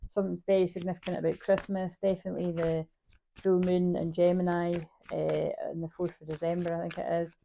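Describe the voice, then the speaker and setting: A woman's voice: fairly low pitch, flat delivery, brisk, vocal fry, dark tone, slight background noise. A woman giving a casual spiritual card reading, rambling, swearing freely and laughing at herself. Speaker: spiritual reader.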